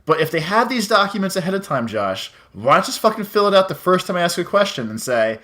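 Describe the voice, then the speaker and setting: A man's voice: high voice, very animated, fast talker, pushed and bright. A young man co-hosting a casual podcast, ranting and swearing a lot, acting out the people he complains about. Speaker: podcast co-host.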